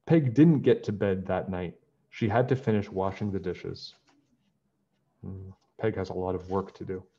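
A man reading a children's picture book aloud in a gentle storytelling manner, then chatting to his young listeners. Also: low voice, measured pace, breathy edge, lo-fi sound.

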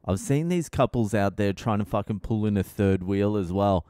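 A middle-aged Australian man hosting a comedy podcast, ranting in a rowdy, profane, animated way. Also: lowish voice, moderate pace, dry recording, clean studio sound. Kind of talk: casual comedic monologue.

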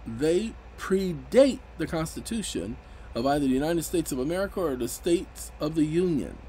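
A man's voice: a little high, expressive, normal speed, warm tone, a little hiss or hum, low-quality recording. A man giving casual, emphatic commentary on legal rights, raising his voice sharply when indignant.

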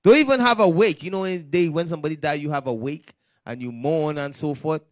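Slangy, high-voiced man teaching scripture. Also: fast, no echo, studio quality. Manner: slangy, animated, acts out quoted speech. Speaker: Bible study teacher. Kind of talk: street-style Bible lesson.

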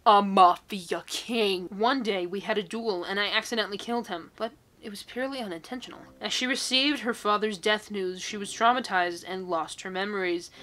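A woman's voice: mid-range voice, a little fast, hardly any pauses, pushed and bright. A woman in her twenties, a YouTuber reading social media posts aloud and reacting to them with sarcasm and incredulous outbursts. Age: 20s.

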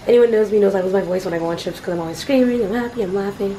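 A woman's voice: mid-range voice, very fast, poor audio. A woman travel vlogger chatting casually on camera, rambling with fillers and losing her voice. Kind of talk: casual vlog narration. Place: outdoors on a busy city street and beach. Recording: loud outdoor street noise. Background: loud city traffic and street noise.

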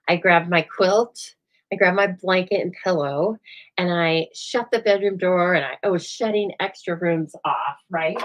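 A woman hosting a live stamping show from home, chatting and telling stories in an animated, rambling way. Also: on the low side, rough recording. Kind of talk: chatty live crafting demo. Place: home craft room.

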